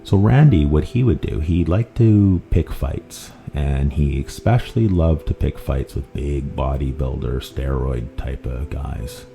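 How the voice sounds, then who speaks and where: Very deep gravelly man telling stories. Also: measured pace, few pauses. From Canada. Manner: rambling, animated retelling with self-corrections. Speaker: podcast host. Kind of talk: casual true-crime storytelling. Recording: faint guitar music underneath.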